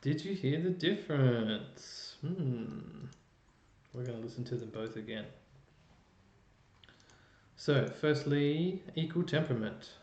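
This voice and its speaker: A male chorus music educator gives an online music lesson, explaining and thinking aloud while working a computer. His medium-pitched voice has lively intonation, a slow pace, and frequent pauses. The recording is roomy, dull, and lo-fi with faint noise.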